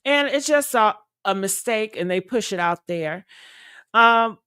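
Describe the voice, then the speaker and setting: A woman's voice: mid-range voice, expressive, measured pace, sharp tone, smooth, no echo, studio quality. A young woman streamer chatting casually and loosely to her viewers, rambling with fillers and laughter. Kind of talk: casual live-stream chat.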